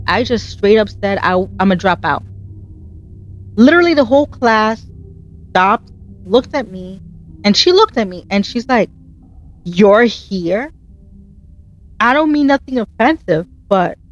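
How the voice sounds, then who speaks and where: A woman's voice: fairly high pitch, highs cut off. A woman hosting her gaming channel, chatting earnestly and encouragingly as she plays, telling stories with animation. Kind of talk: casual gameplay commentary.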